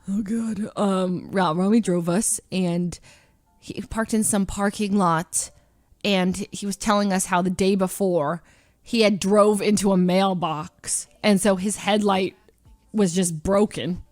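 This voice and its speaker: A woman's voice: medium pitch, slow, dry recording. Giggly young woman streamer, dry close sound. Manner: animated, giggly, acts out others' lines. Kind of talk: casual storytelling to stream chat.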